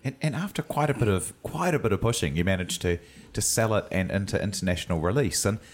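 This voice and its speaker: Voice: low-pitched, lively intonation, quick pace. An interviewer asking curious, prompting questions in a conversational interview.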